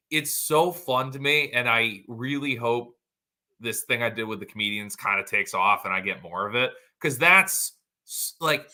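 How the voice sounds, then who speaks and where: Laid-back man with a very bright voice. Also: mid-range voice. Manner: joking, laid-back, swears casually. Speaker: podcast co-host, butcher. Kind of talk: casual chat.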